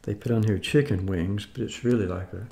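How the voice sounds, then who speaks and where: This is a man in his seventies from the United States, chatting his way through a casual grocery haul. His voice is gravelly and pitched fairly low. He talks in a loose, rambling manner, with folksy asides that often carry a note of doubt. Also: fairly quick, mellow, a little hiss or hum. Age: 70s. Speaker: food vlogger.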